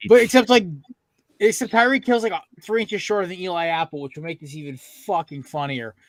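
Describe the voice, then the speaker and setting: A young man hosting a casual sports podcast, talking in an excitable, rambling, profane way. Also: sits high, fairly quick. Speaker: podcast host.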